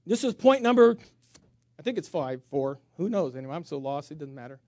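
High-voiced man preaching, dry sound. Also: moderate pace, no echo. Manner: animated, swings between loud emphasis and hushed asides; humorous storytelling with self-mockery. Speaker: pastor. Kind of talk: sermon.

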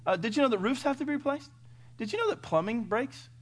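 A middle-aged man preaching a sermon in a folksy way, firing off rhetorical questions and swinging from loud to hushed. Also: very high voice, lively intonation, fast talker. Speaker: pastor.

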